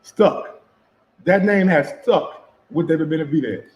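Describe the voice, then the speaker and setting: High pitched dude doing loose profane sports commentary, keeps asking viewers stuff, roomy echo. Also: male voice, lively intonation, moderate pace, lo-fi sound, noisy background. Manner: loose, profane, repeats himself, asks viewers questions. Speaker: sports commentator reacting to footage. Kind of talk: casual reaction commentary. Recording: echoey room.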